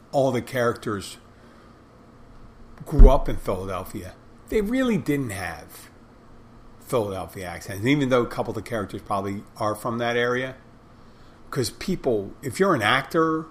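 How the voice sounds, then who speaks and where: A man with a fairly low voice talks through a solo podcast episode. He drifts from point to point and corrects himself mid-sentence. A faint hum of noise sits under the recording. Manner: rambling, conversational, self-correcting. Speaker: podcast host. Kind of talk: casual solo podcast monologue.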